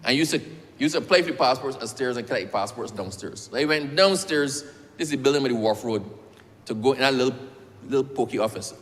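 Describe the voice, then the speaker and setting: A man's voice: mid-range voice, fast. A man speaking in parliament, telling a personal story while presenting a bill and repeatedly addressing the chair as sir. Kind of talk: parliamentary speech with personal anecdote. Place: parliament chamber. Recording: reverberant debating chamber.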